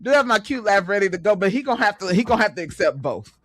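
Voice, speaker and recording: A woman's voice: mid-range voice, racing, no echo. A woman in her late thirties hosting a podcast, chatting casually and animatedly, laughing often. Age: 30s. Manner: animated, laughs a lot, talks with repeated filler phrases. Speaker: podcast host. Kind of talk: casual chat.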